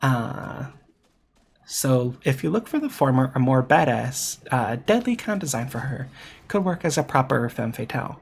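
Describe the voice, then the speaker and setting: A gravelly voice with a lively pitch that rises and falls a lot, delivering an opinionated game critique at a desk mic. The speaker leans on repetition for emphasis and stumbles into quick self-corrections. Faint noise sits underneath. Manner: emphatic, repeats points for stress; self-correcting, with filler words. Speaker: VTuber game commentator.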